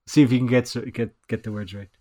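A man's voice: medium pitch, fairly even intonation, fairly quick, warm tone. Teasing male podcast co-host. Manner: teasing, brief replies. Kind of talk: casual podcast chat.

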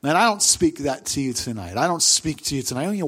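A middle-aged man preaching a sermon as pastor, telling the story with animation and loudly acting out the voices he quotes. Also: medium pitch, very animated, quick pace, husky.

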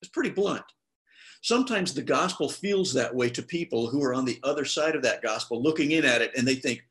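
A man's voice: medium pitch, a little fast. A man preaching in a conversational way. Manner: conversational preaching with lively quoted voices. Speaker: pastor. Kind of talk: sermon.

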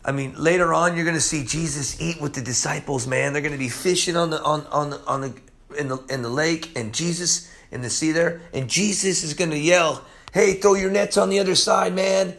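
A man preaching a casual Bible teaching, excitable and emphatic, with slangy talk that swings between loud bursts and hushed lines. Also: fairly high pitch, fairly quick.

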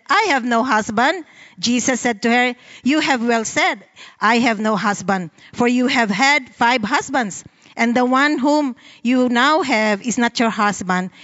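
A woman with a Filipino accent reads scripture aloud and then explains it in an earnest sermon. Her voice sits a little high. The recording is muffled and carries a long reverb tail. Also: fairly bright tone. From Philippines. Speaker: Bible study speaker. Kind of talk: sermon with Bible reading.

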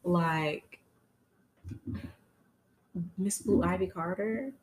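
A woman hosting a podcast, chatting in an animated, slangy, playful way. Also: fairly low pitch, very slow, a little hiss or hum. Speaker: podcast host. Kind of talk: casual chat.

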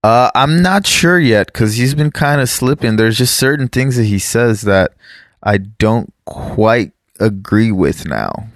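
A man's voice: lowish voice, animated, measured pace, dry recording, studio quality. A man who immigrated to the US, chatting casually and rambling, correcting himself and swearing offhand. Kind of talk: casual podcast chat.

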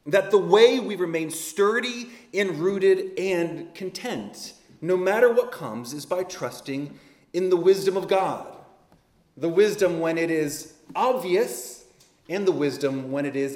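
A man preaching a sermon as pastor, building emphatically on key words and then dropping to a soft, low delivery. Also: echoey room.

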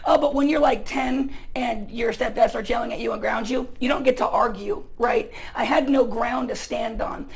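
A male pastor from the United States preaching a sermon in a casual, chatty storytelling way, full of fillers, with bursts of loud emphasis. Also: very high voice, steady tone, moderate pace, vocal fry, few pauses, poor audio.

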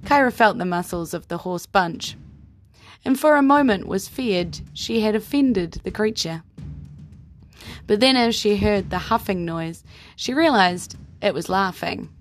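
A podcast host with a New Zealand accent acts as game master, narrating an improvised tabletop game in a relaxed storytelling style. Her mid-range voice keeps a measured pace over soft background music.

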